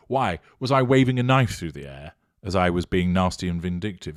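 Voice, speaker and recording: A man with a British accent, hosting a channel and answering viewer comments in a mocking, deliberate way. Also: on the low side, lively intonation, no room sound, studio quality. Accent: British English. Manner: sardonic, mocking, deliberate and measured.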